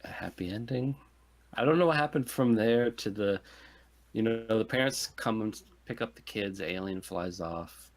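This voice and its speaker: Male podcast co-host, deep low register, sardonic casual movie recap. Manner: sardonic, recaps the plot in quick fragments. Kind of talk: casual movie review chat.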